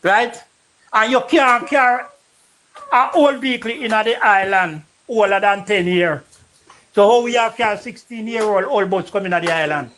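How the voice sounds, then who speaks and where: A man's voice: sits high, moderate pace, fairly bright tone. A man with a Jamaican accent talking politics in a loose, rambling way. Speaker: political debater. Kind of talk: casual political discussion.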